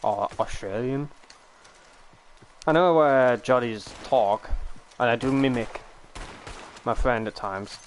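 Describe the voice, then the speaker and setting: A man's voice: medium pitch, slow, pauses often, a little hiss or hum, rough recording. A British man from the UK chatting casually on a live stream, rambling, swearing and laughing easily.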